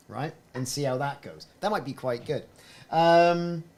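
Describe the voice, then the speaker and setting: Guy streaming a space game, rambling, chatty, mid-pitch, talks a lot. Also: expressive, brisk. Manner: chatty, rambling, self-interrupting. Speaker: gaming streamer. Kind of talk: live-stream gameplay commentary.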